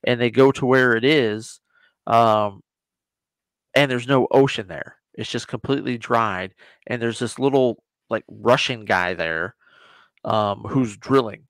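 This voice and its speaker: A man's voice: mid-range voice, fairly bright tone, dry recording. Rambling man retelling a show. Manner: rambling, retells scenes with quick quoted voices. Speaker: guest. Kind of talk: casual reaction chat.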